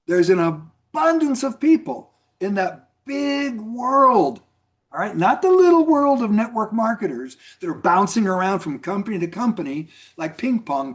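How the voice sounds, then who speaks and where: Middle-aged male mentor, somewhat high voice, casual rambling storyteller. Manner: rambling, repeats words, lots of "you know". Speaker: network marketing mentor. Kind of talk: casual storytelling on a video call.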